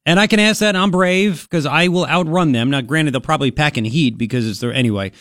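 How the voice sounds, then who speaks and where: A man's voice: fairly high pitch, fast talker, fairly bright tone, dry recording, clean studio sound. A man hosting a talk radio show, brash and joking, rambling in casual chat. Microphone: studio microphone.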